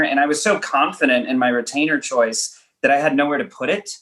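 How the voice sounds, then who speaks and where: Man, from Los Angeles, interview guest, halting restarts, self-deprecating storyteller. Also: mid-range voice, fairly even intonation, fairly bright tone. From Los Angeles, United States. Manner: halting, thinking aloud in self-deprecating stories. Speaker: writer-director guest. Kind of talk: conversational interview answers.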